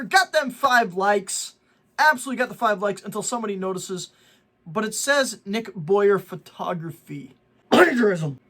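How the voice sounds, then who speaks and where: A man's voice: high voice, expressive, normal speed, pauses often, sharp tone. A middle-aged man hosting a vlog, ranting with indignation about people lying for likes and preaching with jokey asides. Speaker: vlog host. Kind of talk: ranting social media commentary.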